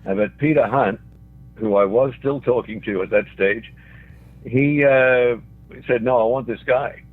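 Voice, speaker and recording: An older Australian man speaks in a mid-range voice at a measured pace, telling anecdotes as a guest. Chuckles punctuate his stories, which come through a tinny phone line.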